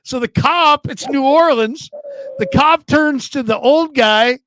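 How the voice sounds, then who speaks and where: A man with a high voice hosts a loose live sports stream. He tells rambling funny stories and reads viewer comments aloud. The sound is close and dry, with no room. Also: slow, a bit bright, no room sound. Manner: joking storyteller, reads chat comments aloud. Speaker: podcast host.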